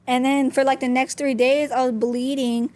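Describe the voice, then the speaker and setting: A woman's voice: sits high, level tone, moderate pace, darkish tone. A young woman, a podcast guest, telling a personal story openly and candidly, with many "like" fillers. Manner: open, talks with frequent "like" fillers.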